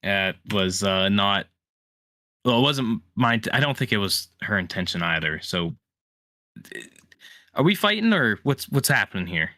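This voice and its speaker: Bright-voiced man playing a tabletop game. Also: on the low side, very animated, no room sound, studio quality. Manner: halting, thinks aloud with uhs. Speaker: player. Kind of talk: casual tabletop game chat.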